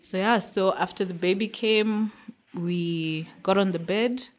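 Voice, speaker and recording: A woman guest on a podcast telling her story casually, animated and laughing often. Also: mid-range voice, measured pace.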